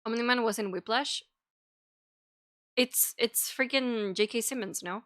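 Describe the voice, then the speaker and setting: A young woman rambles her way through a casual livestream chat, giggling and dropping the odd swear. Her voice sits a little high and sounds bright and crisp. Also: measured pace. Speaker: streamer.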